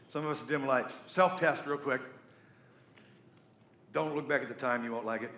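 A man's voice: medium pitch, unhurried, echoey room, background noise. A middle-aged man preaching a sermon, telling stories with jokey asides. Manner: storytelling, animated, jokey asides. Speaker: pastor.

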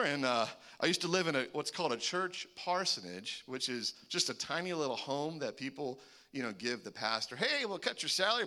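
Lively, bright-voiced male pastor. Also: on the high side. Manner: animated storyteller acting out voices. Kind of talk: sermon with personal storytelling.

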